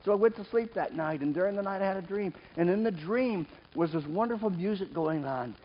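A man preaching a sermon in church, lively and joking, calling on members of the congregation by name. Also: high voice, a little fast. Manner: lively, jokes with the congregation, calls out names. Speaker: pastor. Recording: dull sound with faint noise.

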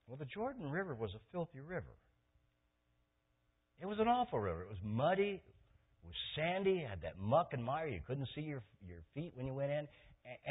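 A male preacher delivering a sermon, shifting from loud impassioned passages to soft, intimate pleading. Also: a little high, slightly rough. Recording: tinny phone-like sermon recording.

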